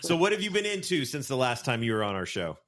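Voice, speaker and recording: A man hosting a podcast interview, asking questions in a relaxed, playful, teasing way. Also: mid-range voice, fast talker. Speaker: podcast host.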